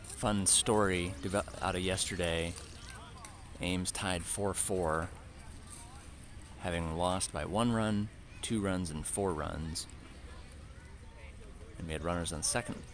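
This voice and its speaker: A man giving relaxed, chatty play-by-play commentary on a youth baseball game and mixing in side stories. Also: sits low, slow, pauses often.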